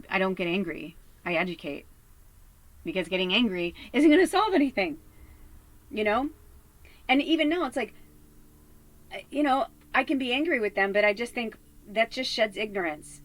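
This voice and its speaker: A woman's voice: medium pitch, normal speed, a bit bright, rough recording. A woman from Chicago, a psychic medium, telling a heated story in a casual vlog with lots of swearing and fillers. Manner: lots of fillers like "you know" and "like".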